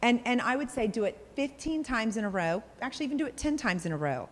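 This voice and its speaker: A woman sales coach giving a workshop talk, direct and animated, acting out examples to the group. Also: fairly high pitch, quick pace. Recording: echoey hall.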